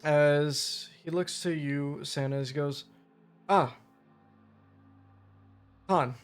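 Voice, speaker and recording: Man game master, casual narration, slightly high voice. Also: little pitch movement, measured pace, clear, resonant tone. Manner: casual, descriptive, with fillers.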